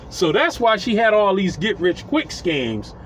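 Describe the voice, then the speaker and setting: A man's voice: high-pitched, big pitch swings, measured pace, slight background noise, rough recording. A man telling a story casually outdoors, rambling, swearing and chuckling as he goes.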